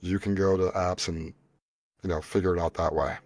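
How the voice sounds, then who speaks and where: A man's voice: sits low, little pitch movement, normal speed, a little mellow, no room sound, clean studio sound. A man co-hosting a podcast, talking casually in a blunt, joking and emphatic way. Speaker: podcast co-host. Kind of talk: casual chat.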